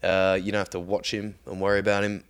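Deep-voiced Aussie man telling a yarn. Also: completely flat delivery, fast, clear, resonant tone. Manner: laid-back, swears often, laughs through the story. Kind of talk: casual storytelling chat.

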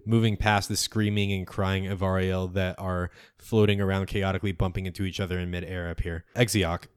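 A man narrates a tabletop game as its game master, setting the scene and calling the dice. His voice sits low, and the recording is dry and close. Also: clear, resonant tone, dry recording.

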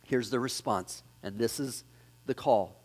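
A man's voice: mid-range voice, a little slow. A man preaching a sermon, fervent and emphatic, with frequent fillers and restarts. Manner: fervent, with many fillers and restarts, big swings in loudness. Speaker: pastor.

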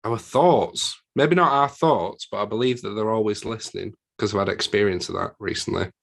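A man's voice: on the low side, moderate pace, vocal fry. A man with a northern English accent co-hosting a movie podcast, chatting in a wry, teasing way. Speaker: podcast co-host. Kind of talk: casual chat.

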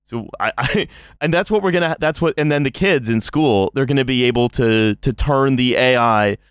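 A man hosting a comedic podcast, talking quickly in a joking way and laughing often, recorded close on a studio mic. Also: mid-range voice, clean tone, dry recording. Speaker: podcast host.

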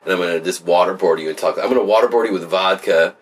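A man's voice: low voice, fast, breathy edge. A man co-hosting a podcast in casual banter, with crude jokes and teasing jabs at his friend. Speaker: podcast co-host.

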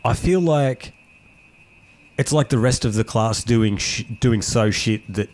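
A man's voice: mid-range voice, measured pace, darkish tone. A man co-hosting a podcast, talking in a casual, rambling way. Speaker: podcast co-host. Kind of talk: casual chat.

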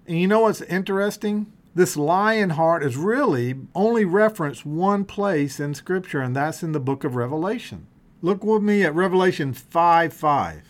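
A man preaching a sermon in an earnest, emphatic way, dropping low and soft on quoted promises. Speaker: pastor.

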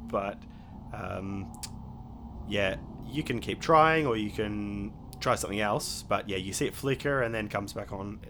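A man's voice: fairly low pitch, measured pace, a bit bright, a little hiss or hum. Rambling man running a tabletop game. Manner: rambling, full of fillers and restarts. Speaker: game master.

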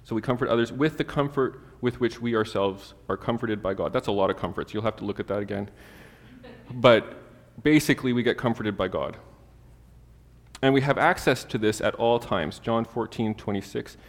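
A man's voice: medium pitch, moderate pace, long reverb tail. A man preaching a sermon in an easygoing, humorous way, mixing everyday stories and asides with Bible readings.

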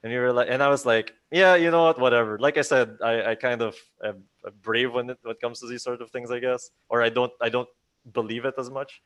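A young man telling a ghost story to friends in casual chat, animated and acting out the voices of the people in it, with many restarts. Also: mid-range voice, fairly quick. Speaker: storyteller on a group chat show.

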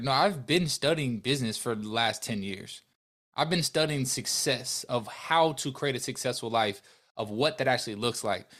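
A man's voice: mid-range voice, normal speed. A young man as a podcast guest, earnestly telling a personal story, acting out the dialogue and speaking openly about his faith. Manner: earnest, animated, faith-filled, acts out dialogue.

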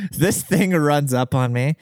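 Man rambling crudely, crisp dry voice. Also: on the high side, a little mellow, no echo. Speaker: podcast host. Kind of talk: casual monologue.

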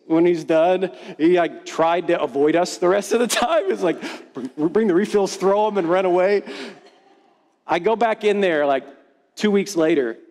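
High-voiced casual preacher in a reverberant hall. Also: male voice, a little mellow. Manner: casual, conversational, playful and self-deprecating. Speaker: pastor. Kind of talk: sermon with storytelling.

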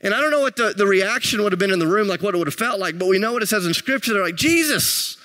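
A male pastor preaches a sermon, his voice pitched a bit high. He tells stories with self-deprecating humor, then builds to rising intensity. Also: rapid-fire, sharp tone.

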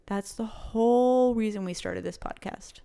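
Speaking at a measured pace, this young woman co-host has a high-ish voice with vocal fry and a mellow, clear, resonant tone. In casual podcast chat she's passionate and emphatic, cursing freely and slipping Spanish words in.

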